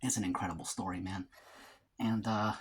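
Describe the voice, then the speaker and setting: A man's voice: lowish voice, steady tone, moderate pace, background noise. A man who runs a food vlog, chatting casually and rambling through a story between bites of his meal. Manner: casual slang, frequent fillers and restarts. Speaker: mukbang vlogger. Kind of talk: casual storytelling while eating.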